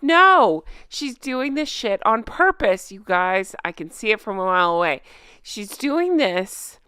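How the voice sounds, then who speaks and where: A woman's voice: mid-range voice, very animated, measured pace, bright, forceful tone, clear, resonant tone, dry recording, studio quality. A woman hosting a gossip commentary vlog, ranting with sarcastic emphasis. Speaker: channel host.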